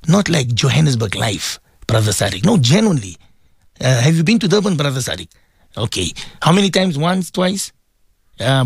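A chatty middle-aged man from South Africa hosts a radio show, reading listener messages and laughing along. His pitch sits a bit high and swings widely as he talks. The studio sound is close and dry. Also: gravelly, husky, no echo. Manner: chatty, affectionate, laughs often. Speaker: radio presenter.

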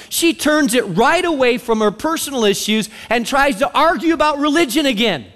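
A man's voice: very high-pitched, animated, moderate pace, few pauses, a bit bright. A man preaching a sermon as pastor, telling a scripture story animatedly and acting out its characters. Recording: long reverb of a large hall.

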